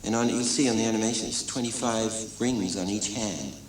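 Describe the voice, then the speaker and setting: An older man, an animator and director, telling stories in a documentary interview with lively acting-out of quotes and many restarts. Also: fairly low pitch, fairly quick. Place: animation studio. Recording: echoey room, distant mic, crowd noise.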